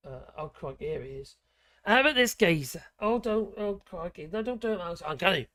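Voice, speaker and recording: A man's voice: high voice, expressive, brisk, sharp tone, dry recording. Rambling Norfolk man on a livestream. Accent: Norfolk English. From Norfolk, England. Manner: rambling, chuckling, lots of fillers and exclamations. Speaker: livestream host. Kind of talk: casual livestream chat.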